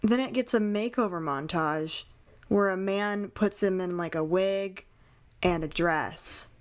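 A young woman co-hosting a casual podcast, chatting about a movie in an animated, incredulous way with lots of fillers. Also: mid-range voice, a little slow. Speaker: podcast co-host. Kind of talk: casual chat reviewing a movie.

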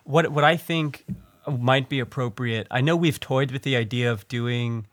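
A man's voice: medium pitch, moderate pace, no room sound. Rambling male podcast co-host. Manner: rambling, many restarts and fillers. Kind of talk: casual podcast chat.

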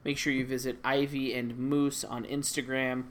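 A man's voice: medium pitch, flat delivery, normal speed, fairly bright tone, a little hiss or hum. A man co-hosting a podcast in casual chat, rambling with playful exaggeration and jokes. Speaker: podcast co-host.

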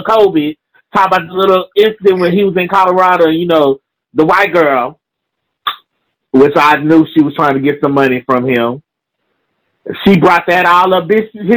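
A man's voice: high-pitched, a bit bright, rough recording. A man in a heated, profane comedic rant, insulting people and repeating lines for emphasis.

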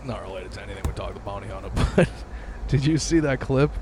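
A man's voice: on the low side, expressive, fast talker, mellow, a little hiss or hum. A young man co-hosting a podcast, telling rambling stories with laughs and plenty of swearing. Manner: rambling storyteller, laughing, profane. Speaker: podcast co-host. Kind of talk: crude comedic banter.

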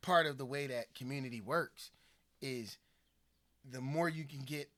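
A man from the Philadelphia area talks casually on a podcast, telling stories and acting out what others said. His voice is bright and forceful, and he sits mid-pitch for a man. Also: unhurried. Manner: animated storytelling, acts out quoted people. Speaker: podcast co-host. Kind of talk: casual conversation.

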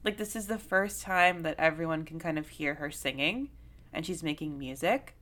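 A young woman co-hosting a casual talk about a film, her voice sitting low yet sounding bright and forceful. She rambles in an animated way, filling gaps with "like" and the odd curse. The tone is loose and conversational. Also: normal speed. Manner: animated, heavy on "like" fillers, swears freely. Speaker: podcast co-host.

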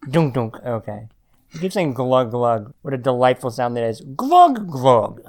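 A man's voice: medium pitch, very animated, a little slow, a little mellow. A man hosting a podcast, chatting casually with dry, wry humor. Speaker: podcast host. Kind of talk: casual chat.

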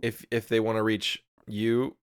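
A man's voice: lowish voice, completely flat delivery, unhurried, clean tone. A man co-hosting a podcast, chatting casually, laughing often and dropping into playful whispers. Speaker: podcast co-host. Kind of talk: casual chat.

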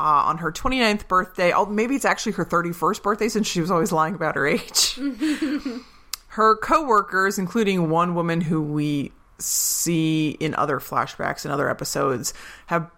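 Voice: medium pitch, sharp tone. A podcast co-host recapping a TV episode in casual chat, laughing often and acting out quoted lines.

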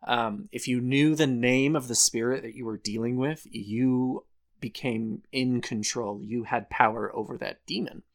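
A man co-hosting a casual podcast chat, explaining things and often breaking into laughter. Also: medium pitch. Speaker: podcast co-host.

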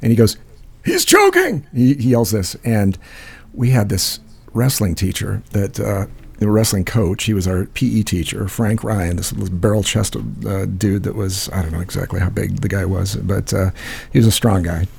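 A man's voice: lowish voice, steady tone, moderate pace, creaky, warm tone, slightly rough. A man hosting a call-in show, telling a rambling, profane story full of fillers. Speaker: host. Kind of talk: casual storytelling.

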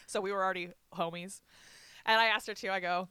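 A woman chatting casually with a very bright, smooth voice, laughing as she goes and acting out the people in her stories. The sound is dry and close, with no room echo. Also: mid-range voice, quick pace. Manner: laughs often, animated quoting of others. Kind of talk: casual storytelling chat.

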